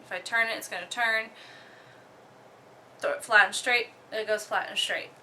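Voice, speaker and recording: A young woman from Oklahoma casually talking through her disc golf bag, relaxed, with many ums and the odd giggle. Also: mid-range voice, moderate pace, slight background noise. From Oklahoma, USA. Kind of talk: casual show-and-tell.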